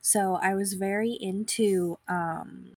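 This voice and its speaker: A young woman hosting a podcast, talking in a rambling, self-deprecating way from her bed at home, with vocal fry. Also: mid-range voice, steady tone, takes it slowly, a little mellow, no room sound. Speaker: podcast host. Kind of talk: casual conversation.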